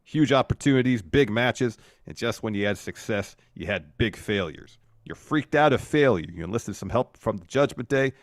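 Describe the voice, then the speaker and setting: A man's voice: on the low side, lively intonation, moderate pace, few pauses, dry recording, studio quality. A man co-hosting a podcast, narrating events play by play and hamming up quoted lines. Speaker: podcast co-host. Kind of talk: casual recap chat.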